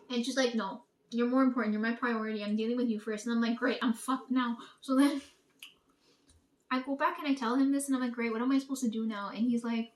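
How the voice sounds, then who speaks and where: Vlogger, female, a touch higher pitched, loose and profane storyteller who keeps checking in with "right?". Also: fairly even intonation, brisk. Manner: profane, rambling, peppered with "like" and "right?". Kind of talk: casual storytelling.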